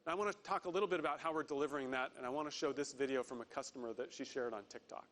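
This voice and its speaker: A man giving a prepared corporate investor presentation, earnest, slowing down to stress key words. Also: mid-range voice, fairly bright tone. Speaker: company executive presenter.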